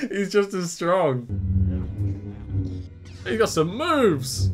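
A young man reacting to a film, excitable and laughing often, talking casually over the scenes. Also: high-pitched, creaky. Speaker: movie reaction host. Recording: film soundtrack playing behind.

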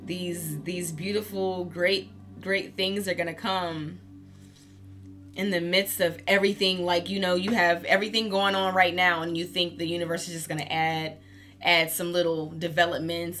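A woman's voice: lowish voice, little pitch movement, normal speed, a bit bright, soft background music. A woman giving a casual tarot reading, candid and profane, laughing often as she talks. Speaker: tarot reader.

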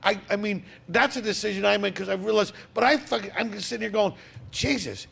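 A middle-aged man with a high, gravelly voice and a husky, rough edge. He rants profanely and rambles in casual podcast chat, now and then bursting into loud mockery. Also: fairly even intonation, fast. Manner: profane, rambling rant, swings into loud mocking outbursts. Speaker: comedian guest.

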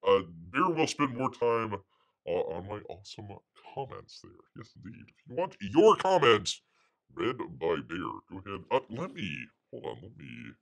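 Gravelly, swooping male livestream host. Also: lowish voice, huge pitch swings, a bit bright. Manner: rambling, refers to himself in third person as Bear; halting, full of fillers and restarts. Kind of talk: casual livestream commentary.

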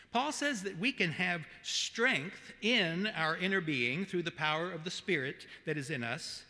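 Pastor, male, Southern accent, high bright voice, earnest measured sermon, long church reverb. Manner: earnest, measured preaching with emphatic repetition. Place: church sanctuary.

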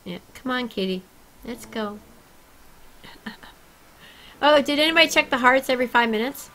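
A woman chatting casually and excitably with her viewers while she plays a game on a livestream. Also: high-pitched, normal speed, slight background noise, rough recording. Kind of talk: casual gaming livestream chat.

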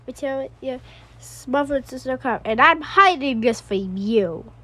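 A woman voicing a stern female babysitter who hands out punishments in a bossy, rushed way. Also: sits high, animated, pushed and bright, pitched below the performer's own voice, heavily acted.

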